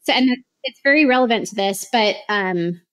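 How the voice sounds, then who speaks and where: A woman in her late thirties, a podcast guest telling a personal story in an animated, chatty way and acting out her own past words. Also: mid-range voice, normal speed, clear, resonant tone. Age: 30s. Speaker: podcast guest, real estate investor. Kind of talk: casual interview chat.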